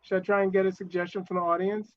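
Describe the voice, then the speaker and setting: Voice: mid-range voice, level tone, quick pace. An improv show stage manager, hesitant and filler-heavy, calling the suggestion and timing scenes. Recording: dull lo-fi audio.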